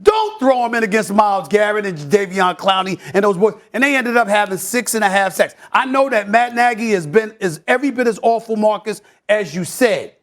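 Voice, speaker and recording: A man hosting a sports debate show, ranting loudly and theatrically, with mock-emotional outbursts and stammered repeats. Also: high voice, brisk, hardly any pauses. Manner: repeats words in bursts when excited.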